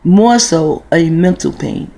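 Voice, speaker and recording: A woman's voice: fairly low pitch, lively intonation, takes it slowly, vocal fry, dark tone. A woman in her forties telling a long, rambling, profane story in a casual vlog monologue, full of restarts. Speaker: vlogger.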